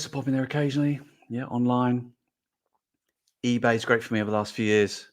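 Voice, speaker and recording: A middle-aged man hosts a casual livestream, chatting and reading out comments as an animated, rambling storyteller. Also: mid-range voice, brisk, pauses often. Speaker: host.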